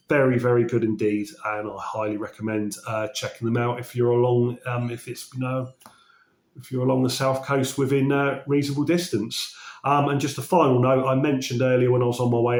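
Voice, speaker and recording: A man from England chatting casually about records he collected, his voice slightly croaky after a cold, enthusiastic and often correcting himself mid-sentence. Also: mid-range voice. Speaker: vinyl collecting vlogger. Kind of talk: casual chat. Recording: roomy echo.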